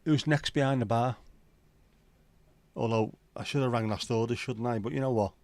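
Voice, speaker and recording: A middle-aged man with a mid-range voice talks at a normal pace while hosting a livestream. He reads out viewer comments and rambles through jokey, pub-style banter.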